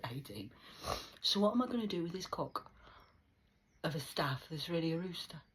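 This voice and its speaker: A woman in her forties giving a rambling, mocking monologue, swinging between loud outbursts and hushed whispers. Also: low voice, big pitch swings, moderate pace, slightly rough, poor audio. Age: 40s. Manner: mocking, preachy tone.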